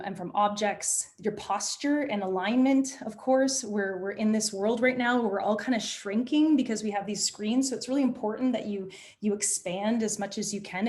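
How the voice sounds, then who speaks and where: A woman leading an online workshop on presentation skills, speaking in an energetic, demonstrative way over a video call. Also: medium pitch. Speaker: presentation coach.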